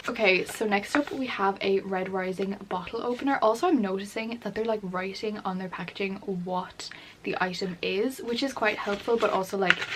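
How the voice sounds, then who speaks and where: A young woman chatting casually on her book vlog while unboxing, gushing and excitable, full of fillers. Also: medium pitch, slight background noise, low-quality recording. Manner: gushing and excitable, lots of "like" and "oh my god". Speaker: book vlogger.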